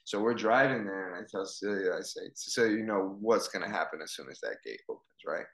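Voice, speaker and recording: A football coach with a deep voice tells a story in casual conversation, talking fast and acting out the dialogue as an animated storyteller. The recording is rough and reverberant.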